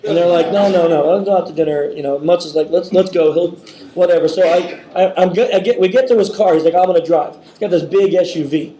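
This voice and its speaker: A man's voice: high voice, fairly even intonation, quick pace, mellow. A man hosting a live podcast, telling a story with lots of laughter and restarts. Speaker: podcast host. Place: convention room with audience. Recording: echoey room with crowd.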